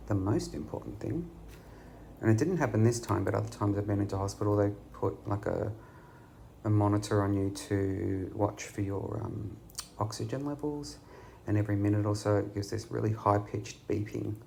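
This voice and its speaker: An Australian man recovering from surgery rambles to a camera beside his hospital bed, filling the casual chat with lots of ums. His voice sits on the low side, creaky and mellow, at a moderate pace, with slight background noise.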